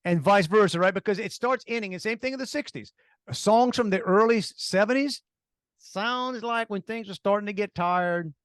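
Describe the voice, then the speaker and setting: A middle-aged man co-hosting a casual talk show, animated and jumping between topics. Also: sits high, moderate pace, clean tone, no room sound, clean studio sound. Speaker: co-host. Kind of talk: casual chat.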